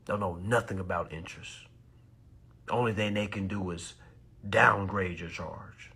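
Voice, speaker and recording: A man, ranting loudly and preachily about banks, lawyers and people's rights, swearing as he goes. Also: low-pitched, measured pace, breathy edge. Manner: loud, animated, preachy, swearing, mocking voices. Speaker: consumer advice live streamer. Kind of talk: heated ranting talk.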